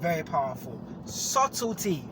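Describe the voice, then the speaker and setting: A man hosting a casual, unscripted podcast chat, playful and quick to laugh as he riffs. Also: on the high side, sing-song, crowd noise. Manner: playful, laughs often, drawn-out filler mimicry. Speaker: podcast host.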